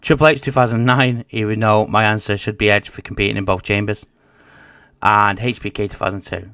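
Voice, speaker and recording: A man's voice: lowish voice, flat delivery, fairly quick, fairly bright tone, smooth. A man co-hosting a casual wrestling podcast, reading out lists and joking, swearing now and then. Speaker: podcast co-host.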